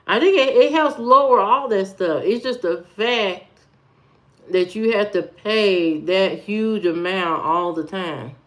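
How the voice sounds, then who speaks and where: With a medium-pitched, fairly bright voice, an Indiana woman speaks slowly while hosting a live stream. In her Indiana accent she responds bluntly and loosely to whatever viewers comment.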